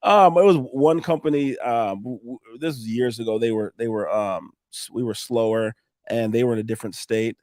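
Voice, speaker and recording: A man's voice: mid-range voice, moderate pace, a little mellow, dry recording, clean studio sound. A man, a roofing contractor telling sales stories in a casual interview, acting out both sides of conversations and swearing freely.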